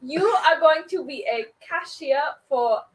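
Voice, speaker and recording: Here is a theatrical male vampire boss, as a woman puts him on, eager and glittery. He speaks in a high voice with an unsteady put-on accent that keeps slipping, and the voice sits a little away from the mic. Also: expressive, measured pace, distant mic, rough recording. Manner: unsure wobbling accent, giggly.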